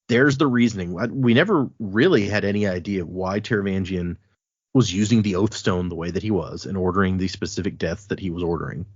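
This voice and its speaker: A man hosting a casual podcast, reading passages from a book aloud and talking them over in a relaxed way. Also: deep voice, slightly rough, dry recording, highs cut off. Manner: relaxed, with fillers and restarts.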